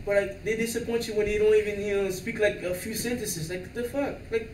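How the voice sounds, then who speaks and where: A man whose first languages are French and Creole, chatting casually on a live stream as an animated storyteller who laughs often and fills his talk with "like". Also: high-pitched, fairly quick, reverberant, distant mic, crowd noise, rough recording. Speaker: livestream co-host. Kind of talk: casual chat.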